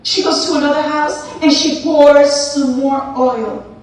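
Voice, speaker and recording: A woman's voice: high-pitched, fairly even intonation, a little slow, slight background noise. A woman giving a playful motivational talk, telling a story and acting out its characters for the crowd. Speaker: speaker. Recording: echoey hall, far from mic.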